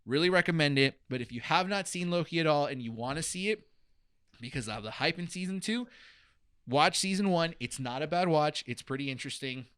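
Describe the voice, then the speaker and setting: A man's voice: a little high, animated, fairly quick, a bit bright, clear, resonant tone. A man co-hosting a casual show talk podcast, chatting with friends and giving his recommendations. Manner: hesitant, gives final recommendations. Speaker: podcast co-host. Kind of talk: casual chat.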